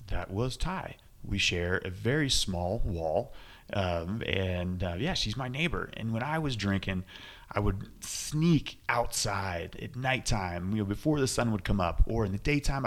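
A man hosting a podcast interview, chatty and joking, trading his own stories with his guest. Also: fairly low pitch. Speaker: podcast host.

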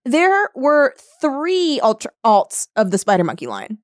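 A woman co-host who chats in a mocking, offhand way and swears casually. Her pitch moves a lot from line to line. The recording is dry and close-miked. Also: wildly swooping pitch, unhurried, no room sound. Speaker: podcast co-host. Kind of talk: casual chat.

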